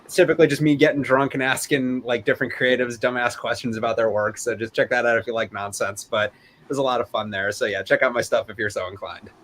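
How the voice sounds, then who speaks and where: A man chats as a podcast guest. He talks fast, loose and profane, and pokes fun at himself as he goes. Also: mid-range voice, fairly even intonation, a bit bright, slight background noise. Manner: loose, profane, self-deprecating. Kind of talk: casual chat.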